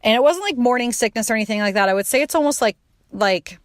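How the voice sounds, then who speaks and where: A woman's voice: fairly high pitch, animated, quick pace, no echo, clean studio sound. A woman in her thirties hosting a podcast, telling a personal story in a casual, chatty way, full of "like" fillers and swearing, and acting out her own quoted lines. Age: 30s. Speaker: podcast host.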